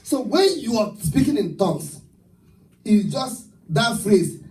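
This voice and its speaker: A man's voice: sits high, very animated, takes it slowly, darkish tone, distant mic, rough recording. A man preaching a live church sermon, rousing the congregation with call-and-response and rhetorical questions. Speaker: pastor. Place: church sanctuary at a live service.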